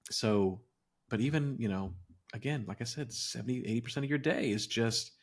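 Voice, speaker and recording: A man's voice: medium pitch, brisk. A man co-hosting a podcast in casual chat, reflective and wry, often restarting his sentences as he thinks aloud. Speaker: podcast co-host.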